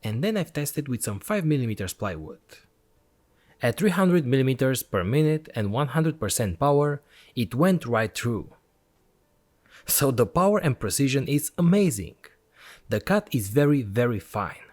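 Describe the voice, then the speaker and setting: Male host, tech review voice-over: eager, explanatory, animated pitch, mid-range voice. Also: normal speed. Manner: enthusiastic, explanatory step-by-step. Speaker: electronics channel host.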